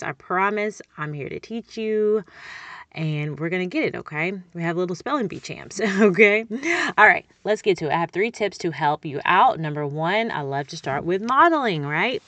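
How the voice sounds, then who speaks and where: A woman's voice: mid-range voice, fairly bright tone, dry recording, highs cut off. A woman, a speech-language pathologist coaching parents in an upbeat, chatty way. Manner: upbeat, chatty, encouraging, checks in with "okay?".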